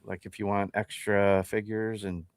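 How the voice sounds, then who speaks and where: A man chatting casually as a guest, measured and musing. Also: fairly low pitch, flat delivery, no room sound. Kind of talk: casual chat.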